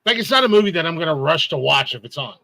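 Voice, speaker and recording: A man's voice: a little high, animated, rapid-fire, vocal fry, bright, forceful tone, no echo. A man hosting a podcast in casual banter, teasing his co-host and laughing often.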